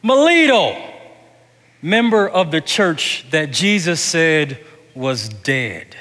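A man preaching with fervor in a church sanctuary, his high, bright voice ringing out through a long hall echo. He takes his time, lingering on words, and swings from near-shouts down to quiet, drawn-out phrases. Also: very animated. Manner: impassioned, swinging from shouts to hushed slow phrases; reads an old sermon aloud in a rising preaching cadence. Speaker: pastor. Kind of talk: sermon.

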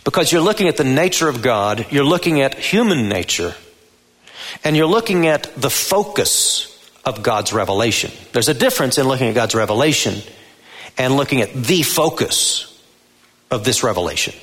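A male pastor preaching a sermon in a church sanctuary, deliberate and emphatic, lifting his voice on key words. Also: mid-range voice, sing-song, fairly bright tone. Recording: long reverb of a large hall.

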